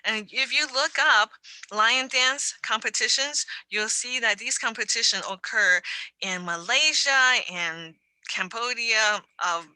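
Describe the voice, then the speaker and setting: A woman's voice: fairly high pitch, pushed and bright, no echo, low-quality recording. A woman, giving an educational lecture over a video call and patiently explaining. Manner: explains patiently, repeats phrases slowly for learners. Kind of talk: online lecture with Q&A.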